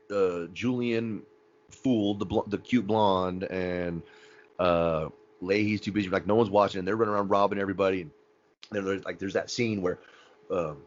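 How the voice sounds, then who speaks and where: A man's voice: lowish voice, muffled recording. A man co-hosting a podcast, chatting casually and animatedly about favorite episodes, often acting out quotes and laughing. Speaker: podcast co-host. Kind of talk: casual fan chat.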